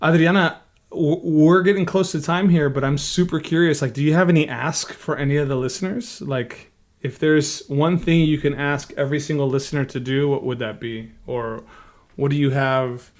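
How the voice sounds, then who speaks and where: A man's voice: a little high, steady tone, normal speed. A man co-hosting a podcast interview, effusive and emotional, with casual swearing. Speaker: podcast co-host.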